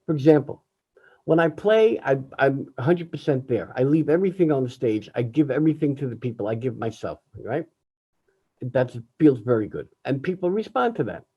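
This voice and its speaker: An older man, a jazz pianist, speaking candidly over a video call in an emotional, reflective way, often halting and restarting. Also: medium pitch, very animated, dark tone, breathy edge, dull audio. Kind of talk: candid personal talk.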